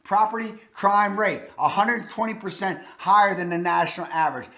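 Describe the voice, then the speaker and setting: A man's voice: high-pitched, normal speed, bright, forceful tone. A man in his forties with a Baltimore accent, hosting a blunt, folksy countdown of places to live. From Maryland. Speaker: real estate video host. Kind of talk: casual countdown commentary. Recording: echoey room.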